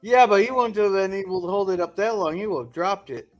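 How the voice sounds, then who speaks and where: A man with a high voice joins a casual chat about a classic sitcom. He keeps agreeing and throws in quick jokes. Faint music plays behind him. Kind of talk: casual episode commentary.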